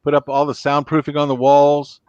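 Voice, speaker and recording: A man's voice: fairly high pitch, completely flat delivery, a little fast, darkish tone, smooth, no echo, lo-fi sound. A man hosting a casual livestream who rambles playfully between impressions. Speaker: livestream host. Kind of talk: casual chat. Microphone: lapel mic.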